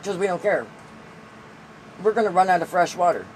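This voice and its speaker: A man with a high-pitched voice chatting casually on a podcast, rambling through profane jokes and riffs. There is a faint hiss of background noise under his voice. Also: expressive, fairly quick, poor audio. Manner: loose, profane, rambling and joking. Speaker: podcast co-host. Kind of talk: casual chat.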